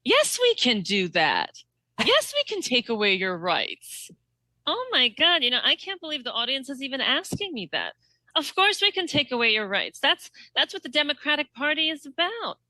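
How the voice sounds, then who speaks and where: A woman's voice: high-pitched, very animated, moderate pace, pushed and bright, dry recording, pitched above the performer's own voice, full character voice, rough recording. A woman doing an impression of a female politician, with slurred, circular, singsong phrasing. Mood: giddy.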